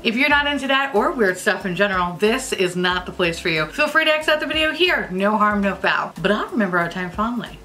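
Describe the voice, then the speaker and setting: Bright, lively, giggly woman vlogger. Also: mid-range voice, brisk, few pauses, faint music behind. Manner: profane, giggly, playful rambling. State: tipsy from drinking. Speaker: beauty vlogger host. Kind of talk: casual chatty vlog.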